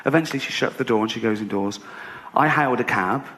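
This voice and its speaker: A man's voice: mid-range voice, fast, sharp tone. A middle-aged English man doing stand-up, sardonic and mock-boastful, acting out the people in his story. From England. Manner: sardonic, mock-boastful, acts out quoted voices. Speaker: stand-up comedian. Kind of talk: stand-up routine. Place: comedy stage before a laughing audience. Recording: live stage recording with audience noise. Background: audience laughter.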